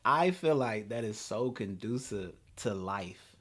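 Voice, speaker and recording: A man in his thirties hosting a talk show, telling a story in an animated, laughing way. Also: lowish voice, takes it slowly. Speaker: podcast host.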